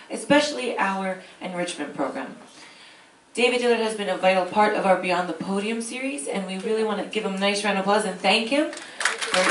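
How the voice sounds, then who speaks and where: A woman's voice: medium pitch, a bit bright, a little hiss or hum. Upbeat woman introducing a speaker in a hall. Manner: chatty, upbeat, addresses the crowd. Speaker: cruise activity manager. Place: large ship lecture hall. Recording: echoey hall taped from far off.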